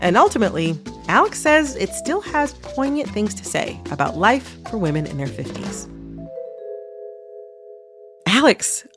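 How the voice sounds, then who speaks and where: A woman hosting an interview podcast, lively and engaged with her guest. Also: medium pitch, a little slow, long pauses, over music. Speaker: podcast host.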